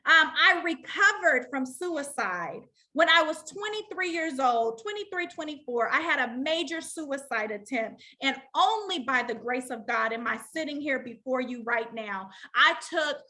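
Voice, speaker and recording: A woman leads a live online motivational session. Her voice sits high, and she talks like a preacher, calling to her audience for answers. The tone is bright and forceful throughout. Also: expressive, a little slow, hardly any pauses. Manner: preacher-like call and response with the audience. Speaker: life coach.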